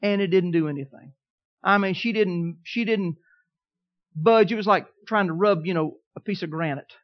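A pastor tells a personal story during his sermon in a folksy manner, moving between quiet asides and emphatic declarations. His voice sits high and runs at normal speed, and the sound is lo-fi.

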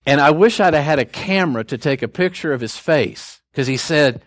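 A man's voice: a little high, lively intonation, a little fast, dry recording, clean studio sound. An older man preaching a sermon in a conversational, storytelling way, with folksy asides between scripture points.

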